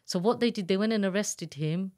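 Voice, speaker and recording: Speaking briskly with a warm tone and medium pitch, a woman recounts her experience of abuse as an interview guest. She's candid and earnest, imitating the voices of people she quotes in this emotional personal story.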